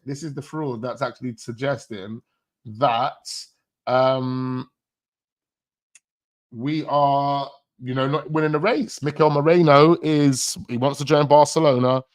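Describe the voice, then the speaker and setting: A man's voice: medium pitch, no room sound, studio quality. A man hosting a football channel, talking in a rambling, slangy way with chuckling asides. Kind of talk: casual live-stream chat.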